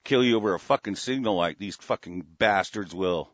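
A man's voice: on the low side, normal speed, hardly any pauses, a bit bright, dry recording. A man in an angry, profane rant, talking in heated bursts with stammering restarts. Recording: dull lo-fi dry recording.

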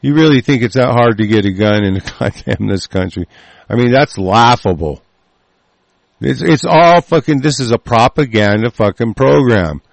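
Furious gravelly man ranting. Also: mid-range voice, lively intonation, normal speed, no echo. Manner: furious, profane, stammering restarts. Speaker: political ranter reading a news article. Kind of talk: angry profane rant.

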